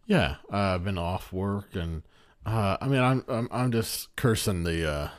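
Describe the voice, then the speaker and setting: A man's voice: fairly low pitch, unhurried. A man co-hosting a movie podcast, hungover, talking in a hesitant, mumbling way with lots of fillers. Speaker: podcast co-host. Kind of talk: casual chat.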